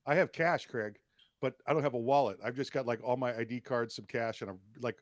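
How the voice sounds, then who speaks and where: Young man, New York accent, animated co-host, dry close recording. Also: mid-range voice, fairly quick, no room sound. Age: young adult. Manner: animated, repeats words when starting. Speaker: podcast co-host. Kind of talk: casual political chat.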